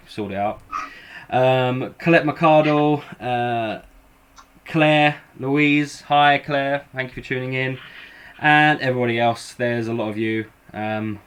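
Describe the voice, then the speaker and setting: An English man hosts a live paranormal show in a loose, rambling chat. He jokes at his own expense and speaks at an ordinary middle pitch. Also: clear, resonant tone. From England. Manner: self-deprecating, rambling, joking. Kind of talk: casual live-stream chat.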